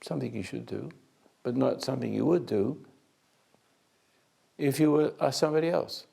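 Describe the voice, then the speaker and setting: Older guy, dark mellow gravelly voice, rambling slow sermon-ish story. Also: mid-range voice. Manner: slow storytelling with many restarts and hesitations. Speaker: spiritual teacher. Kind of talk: unscripted sermon-like talk.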